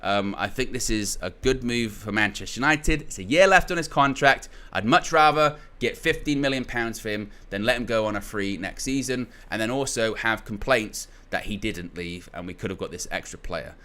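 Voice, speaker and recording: A man's voice: on the low side, moderate pace, few pauses, sharp tone. A young man hosting a football channel, giving casual opinion commentary in a rambling way, restarting phrases often and leaning on filler words.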